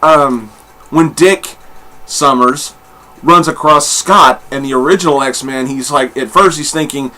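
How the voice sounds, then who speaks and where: Bright-voiced blunt comic reviewer, man. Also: mid-range voice, a little slow. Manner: blunt and candid, swears freely; rambling with many fillers and restarts. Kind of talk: casual review monologue.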